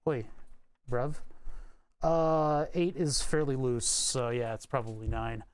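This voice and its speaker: A man's voice: mid-range voice, a little slow, clear, resonant tone, no echo. A man streaming from his home workshop, chatting casually and rambling, often chuckling at his own jokes. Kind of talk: casual live-stream chat while working.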